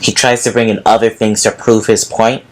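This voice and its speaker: A man's voice: lowish voice, flat delivery, moderate pace, rough recording. A young man in casual chat, reading a post aloud and giggling through mocking asides. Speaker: co-host reading a forum post.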